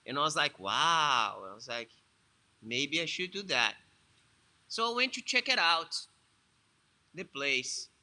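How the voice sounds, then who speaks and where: A man, a jiu-jitsu instructor and English speaker, telling his own story in a halting way, often repeating words. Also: fairly high pitch, lively intonation, pushed and bright. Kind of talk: casual personal storytelling.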